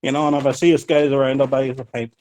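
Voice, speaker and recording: An Irishman with a Donegal accent, talking casually on a call-in line. He rambles in an easygoing way and drops "you know" into nearly every sentence. His voice sits at an ordinary middle pitch for a man. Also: little pitch movement, rapid-fire, a little mellow. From Ireland. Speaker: caller.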